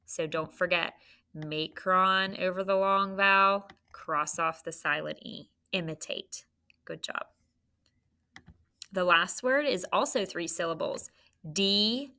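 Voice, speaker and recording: A woman's voice: on the low side, measured pace, bright, forceful tone. A woman teaching a phonics lesson to young children, patient and encouraging as she sounds out letters and syllables. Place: classroom.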